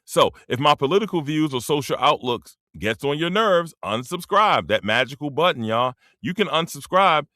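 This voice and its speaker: Man around fifty, blunt and profane, bright forceful voice, dry close sound. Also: fairly high pitch, dry recording. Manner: drops into dialect slang. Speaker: streamer. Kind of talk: casual monologue.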